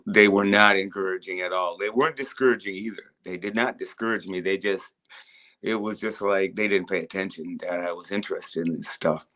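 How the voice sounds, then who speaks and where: An older man talks in a low, easy voice, guesting on an interview. He rambles through childhood stories, stopping and restarting his sentences as he goes. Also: steady tone, a little fast, bright, forceful tone. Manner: laid-back, rambling storyteller with frequent restarts. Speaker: rock musician guest. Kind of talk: casual interview chat.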